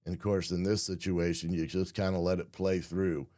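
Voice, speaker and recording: A hoarse man hosting a casual football film breakdown, often clearing his throat and filling pauses with "uh" and "um". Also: low voice, level tone, dark tone, dry recording, clean studio sound. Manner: frequent throat clearing, many fillers. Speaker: football analyst host.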